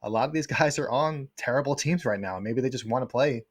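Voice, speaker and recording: A man co-hosting a casual sports podcast, laying out his analysis in long, rapid run-on points. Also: mid-range voice. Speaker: co-host, football writer.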